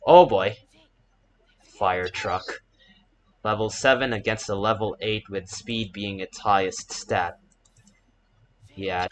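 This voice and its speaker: A man giving casual let's play commentary as he plays, chatty and breaking into loud panicked shouts, with Japanese exclamations sprinkled in. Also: fairly low pitch, a little hiss or hum, low-quality recording. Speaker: gaming YouTuber and English teacher.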